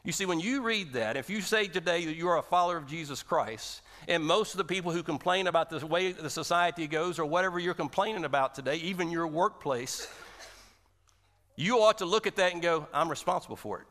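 Pastor guy preaching, kinda high voice, punches the repeated lines, long church echo. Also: brisk, a bit bright. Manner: emphatic, rising to strong emphasis on repeated phrases. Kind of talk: sermon. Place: church sanctuary. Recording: long hall reverb.

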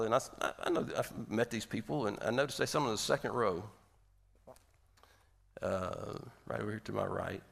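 A male pastor giving a sermon in a conversational, animated way, asking the audience rhetorical questions. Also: medium pitch, creaky.

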